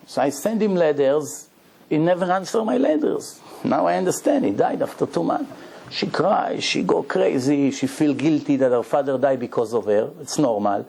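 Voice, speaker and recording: A rabbi tells a long story with a gravelly, mellow voice, acting out every exchange as he goes. His English is broken, and he drives the tale forward in the rhythm of a lecture. His tone stays steady and unhurried throughout. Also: a little high. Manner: animated storyteller acting out dialogue; broken, non-native-sounding English grammar.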